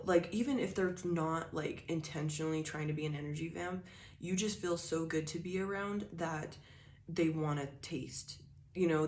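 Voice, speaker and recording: A woman with a low, deep voice talks her way loosely through a spiritual tarot reading. She rambles and fills her sentences with casual filler words. The recording sounds roomy and echoey, with a faint hiss of background noise. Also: a little mellow. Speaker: tarot reader.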